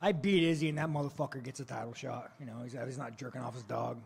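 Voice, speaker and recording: A man's voice: mid-range voice, fast, gravelly, darkish tone. A man answering reporters at a post-fight press conference, blunt, profane and provocative, mocking and laughing at his own jokes.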